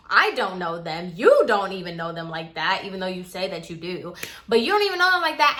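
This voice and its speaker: A young woman telling a story in a casual, chatty way, filling it with "like" and acting it out. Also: mid-range voice. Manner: chatty, says "like" constantly, animated retelling. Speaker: vlogger.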